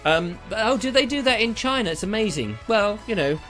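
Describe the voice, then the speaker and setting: A man's voice: sits high, expressive, brisk, loud music behind the voice. A middle-aged man, hosting a rambling live stream with theatrical rants, asides and sound effects. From England. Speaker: live show host.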